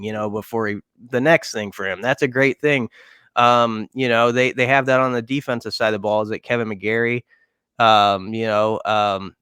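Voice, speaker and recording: Smooth, low-voiced man breaking down football. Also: fairly bright tone, no echo, studio quality. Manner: thinking aloud, many fillers and restarts. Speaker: podcast co-host. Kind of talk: casual sports podcast analysis.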